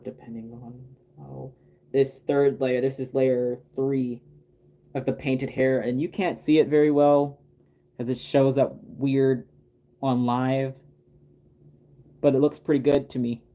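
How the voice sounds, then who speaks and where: A man talks through his craft work on a casual livestream, rambling along with plenty of ums and restarts. His voice is mellow and warm, never bright. His pitch sits in a middle range. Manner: rambling, chatty, many fillers and restarts. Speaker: doll artist painting on a livestream. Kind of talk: casual livestream chat while working.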